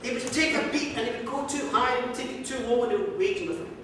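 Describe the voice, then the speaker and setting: A man telling a comic folk story to listeners in a museum, lilting and playful, dropping low for punchlines. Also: quick pace, a bit bright. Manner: comic, lilting, with sudden drops to a low mutter. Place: museum hall. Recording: echoey hall, mic far off, faint noise.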